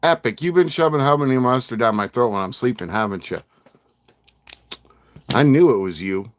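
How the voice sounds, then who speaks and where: A man's voice: mid-range voice, expressive, moderate pace. A middle-aged man hosting a casual livestream, rambling and joking with his chat and laughing often. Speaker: livestream host.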